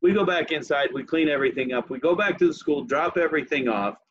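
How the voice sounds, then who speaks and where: A man's voice: fairly high pitch, fast, lo-fi sound, a little hiss or hum. A man hosting a podcast, telling a long story in casual chat with laughs. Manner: animated, laughs while telling stories. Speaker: podcast host.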